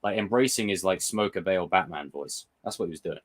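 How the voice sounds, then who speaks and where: A young man hosting a live chat, excitable and swearing, answering viewer comments. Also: low-pitched, fast talker. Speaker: livestream host reviewing a TV episode. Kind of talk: casual live reaction chat.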